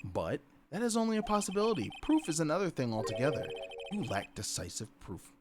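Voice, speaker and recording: A man's voice: a little high, sing-song, brisk, noisy background, pitched above the performer's own voice. A man reading as a smug, cool woman witness. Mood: cool, dismissive. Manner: reading game text aloud, dry and dismissive.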